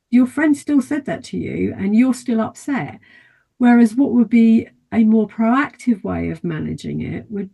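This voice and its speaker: Female therapist guest; low gravelly edge, calm and patient, podcast interview. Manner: calm, steady teaching tone; acts out quoted inner thoughts in brief asides. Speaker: life and mindset therapist, guest. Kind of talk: podcast interview, explaining at length.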